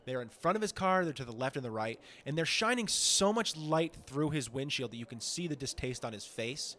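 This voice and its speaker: A man's voice: medium pitch, fairly quick. A man co-hosting a comedy podcast in casual, profane, rambling chat full of "like"s. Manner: animated, profane, rambling with many "like"s. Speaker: podcast co-host.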